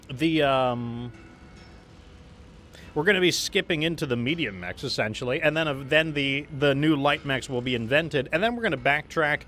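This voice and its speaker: A man hosts a live game stream, chatting casually and rambling with many fillers and restarts while reading viewer messages aloud. His voice is a little high and a bit bright, with a slight hiss or hum in the recording.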